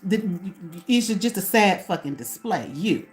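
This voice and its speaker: A woman's voice: mid-range voice, lively intonation, a little slow, faint music behind. Profane woman ranting to camera. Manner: profane, confrontational, asks herself questions. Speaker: channel host.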